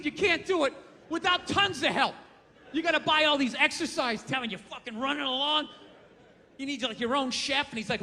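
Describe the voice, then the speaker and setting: A man doing a stand-up comedy set, ranting and mocking loudly, with profane punchlines. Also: very high voice, big-room sound, a little hiss or hum. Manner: ranting, mocking, loud and profane with acted quotes. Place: comedy stage before an audience.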